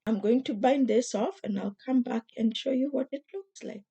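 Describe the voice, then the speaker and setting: A woman with a hoarse, mellow tone talks her viewers through a craft project. She speaks gently and chattily, pausing often and restarting her sentences. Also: a little high. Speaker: crochet vlogger. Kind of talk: casual craft tutorial.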